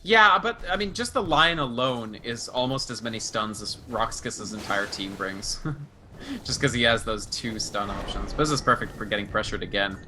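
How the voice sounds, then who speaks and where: A man's voice: medium pitch, moderate pace, pushed and bright, a little hiss or hum. A man from Russia giving live analysis of a video game match in a chatty, analytical way. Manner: analytical, chatty, frequent laughs. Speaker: esports analyst.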